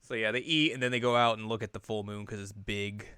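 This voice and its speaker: A man's voice: fairly low pitch, fairly even intonation, fast, pushed and bright, clean tone, no room sound. A man co-hosting a podcast, casually recapping an anime episode and rambling along. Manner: rambling, acts out scenes. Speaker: podcast co-host.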